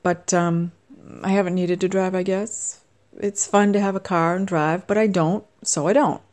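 A woman's voice: on the low side, fairly even intonation, moderate pace, a little mellow, slight background noise. A middle-aged woman talking to camera in a casual, rambling monologue, chatty and self-deprecating with wandering asides. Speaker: vlogger.

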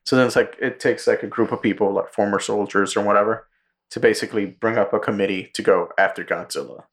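A man co-hosting a podcast, casually retelling a movie plot with lots of swearing and quick character voices. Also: lowish voice. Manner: profane, animated storytelling with quick character impressions. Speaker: podcast co-host.

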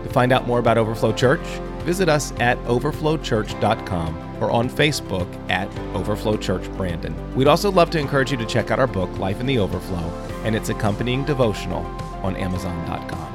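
A man's voice: lowish voice, animated, fairly quick. A man, a pastor, reading a welcoming scripted podcast introduction. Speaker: podcast host and lead pastor. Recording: intro read over clear music.

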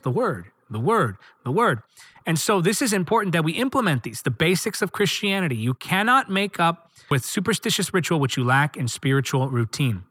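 Animated, emphatic male preacher. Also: on the high side, breathy edge, dry recording. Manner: emphatic, rhythmic repetition; reads scripture aloud between points. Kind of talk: sermon.

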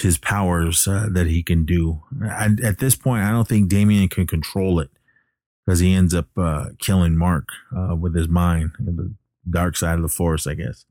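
A man casually recapping a film plot as a podcast host, halting with many fillers and restarts. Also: low voice, warm tone, no room sound, studio quality.

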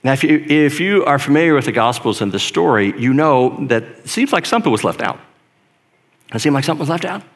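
A man preaching a sermon in a conversational, emphatic way, dropping to a hush and then building to loud stress. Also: mid-range voice, animated, brisk. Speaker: pastor.

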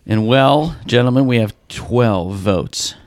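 A man's voice: mid-range voice, slow, darkish tone, dry recording. A man hosting a casual podcast chat, reading out poll results and teasing his co-hosts. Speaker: podcast host.

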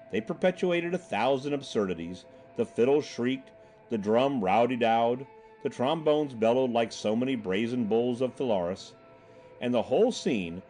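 A man reading a classic short story aloud, narrating in a lively way and changing his pitch for the characters.

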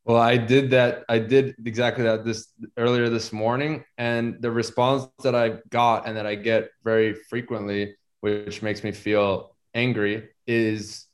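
A man in a workshop sharing an experience, halting and searching for words as he talks. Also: mid-range voice, little pitch movement. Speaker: workshop participant.

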